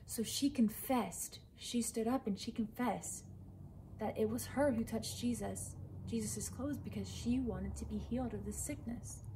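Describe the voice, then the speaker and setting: A young woman teaching a children's church lesson, telling a Bible story in a lively way and often checking in with "right?". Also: on the high side, a little slow, slight background noise, poor audio.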